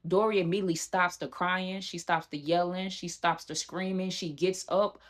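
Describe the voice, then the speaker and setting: A young woman telling a personal story in a casual vlog, animated and talking straight to her viewers. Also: fairly low pitch, moderate pace. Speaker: storyteller vlogger.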